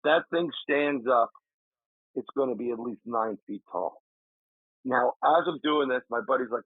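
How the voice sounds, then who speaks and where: A man, a paranormal investigator, telling an animated story in a casual interview, acting out his friend's shouts. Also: medium pitch, moderate pace, slightly rough, dry recording. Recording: dry tinny remote call audio.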